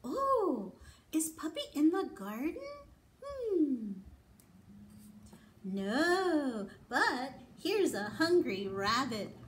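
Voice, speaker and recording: A woman, a children's librarian, reading picture books to toddlers and singing rhymes in an animated, exaggerated sing-song. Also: sits high, drawn-out words, pauses often, slight background noise. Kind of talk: toddler storytime with songs and rhymes.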